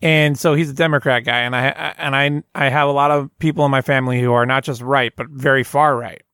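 A man's voice: mid-range voice, steady tone, quick pace, pushed and bright, clear, resonant tone, no room sound, clean studio sound. A man from Arizona hosting a comedy podcast, rambling in casual chat. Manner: rambling, chatty, frequent restarts. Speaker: podcast host.

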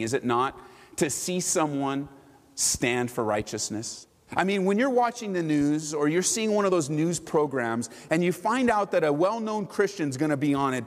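A man preaching a sermon to his church, animated and full of rhetorical questions. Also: a little high, big-room sound. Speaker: pastor.

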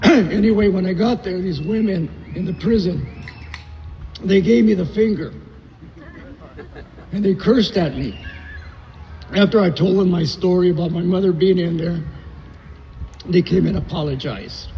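A man's voice: high-pitched, measured pace, gravelly, long pauses. An older man telling his recovery story at a meeting, rambling with many fillers and restarts. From Southern California. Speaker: AA meeting speaker. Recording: echoey hall, dull lo-fi sound.

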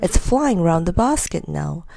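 A woman's voice: lowish voice, sing-song, measured pace, vocal fry, warm tone, heavily acted. A woman voicing an earnest, bewildered young boy in a storybook reading. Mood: anxious. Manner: eager, then anxious and pleading.

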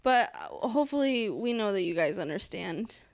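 A woman co-hosting a podcast, telling a story in an animated way with laughter and swearing. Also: medium pitch, normal speed, creaky, no echo. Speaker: podcast co-host. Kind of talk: casual chat.

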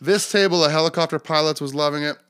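A man in his forties, a comedian hosting a podcast, telling a rowdy story in a casual, swearing, animated way. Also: fast talker, clear, resonant tone, no room sound, clean studio sound. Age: 40s. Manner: animated, swearing, acts out quoted voices with jumps in pitch.

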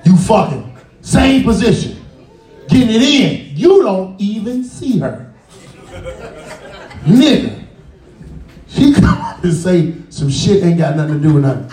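A man works a live stand-up crowd in a music cafe, loud, profane and animated as he acts out the people in his stories. His voice sits high and swings widely in pitch. The sound is caught from a distance and rings around the room. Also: takes it slowly, long pauses. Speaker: stand-up comedian. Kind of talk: stand-up comedy set. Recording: roomy, distant live club recording.

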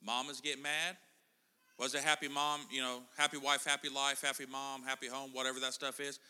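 A man's voice: mid-range voice, flat delivery, a little fast, bright, forceful tone, smooth. A middle-aged man preaching a casual sermon in a church, chatting and joking with the congregation. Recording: church hall reverb.

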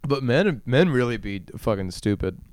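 A man's voice: mid-range voice, animated, moderate pace, darkish tone, no room sound, clean studio sound. A young man hosting a solo comedy podcast, ranting crudely in a rambling way and often laughing at his own jokes. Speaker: podcast host.

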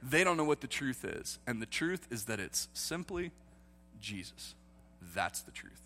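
A man preaching a sermon as pastor, moving from calm teaching to loud impassioned preaching. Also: medium pitch, measured pace, big-room sound. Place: church, streamed online.

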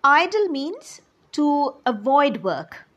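A woman teaching children, telling a story slowly and explaining each new word as she goes. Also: high voice, very animated, a bit bright, dull audio. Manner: slow and explanatory, defining words as she goes.

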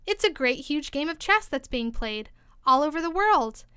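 A woman's voice: sits high, normal speed, bright, forceful tone, clean tone, no room sound, clean studio sound. A woman reading the lines of a curious, polite young girl in a storybook. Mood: wondering. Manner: wondering, polite.

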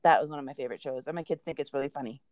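A woman's voice: very deep voice, rapid-fire, a little mellow, no room sound. A woman co-hosting a podcast, telling a long rambling story in casual chat. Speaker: podcast co-host.

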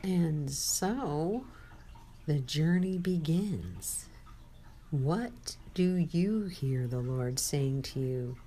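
A woman's voice: deep voice, animated, drawn-out words, dark tone. A woman giving a sermon-style testimony, telling a personal story with quoted dialogue and speaking to the listener.

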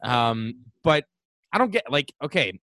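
A man's voice: mid-range voice, big pitch swings, a little slow, bright, forceful tone, dry recording. A man co-hosting a casual sports podcast who pushes back and interrupts. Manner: argumentative, interjects. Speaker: podcast co-host.

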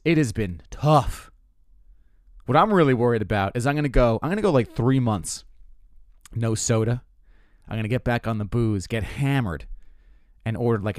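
A man's voice: lowish voice, animated, normal speed, long pauses, no echo, studio quality. A man in his twenties, a comedian and host, telling stories in a rambling, profane, self-mocking way, full of restarts. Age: 20s. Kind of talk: casual comedic monologue.

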